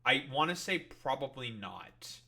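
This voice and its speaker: A man's voice: mid-range voice, lively intonation, measured pace, creaky, background noise. A man streaming reaction commentary, ranting with heavy swearing and exasperation.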